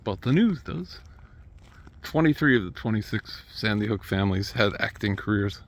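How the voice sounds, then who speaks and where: A vlogger at home talks to the camera in a rambling, restless solo monologue, chuckling through asides and talking to his cat. His voice is fairly low with lively intonation, at normal speed.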